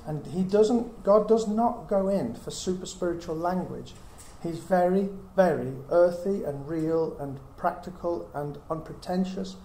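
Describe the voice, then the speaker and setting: This middle-aged man's voice is high and warm as he teaches the Bible to a small group, a little slowly and with few pauses. He reasons aloud earnestly, leaning on rhetorical questions. The recording has an echoey room and faint hiss.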